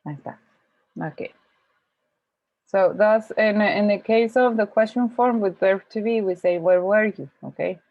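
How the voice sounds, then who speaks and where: This woman, a Spanish native speaker, gives an online English lesson that switches between English and Spanish. She is unhurried, with long pauses, frequent restarts and thinking aloud, and her medium-pitched voice comes through tinny, dry video-call audio with no room sound.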